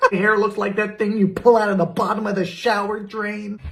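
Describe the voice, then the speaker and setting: A Bermudian man in his twenties giving comedic vlog commentary in a theatrical, sarcastic way, breaking into shouted exclamations. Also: high-pitched, flat delivery, normal speed, gravelly. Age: 20s. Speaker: cooking video creator.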